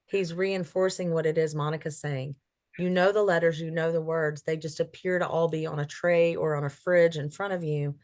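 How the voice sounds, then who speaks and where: A woman with a fairly low voice giving an animal communication reading. She explains gently and reflectively in casual talk. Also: fairly even intonation, normal speed.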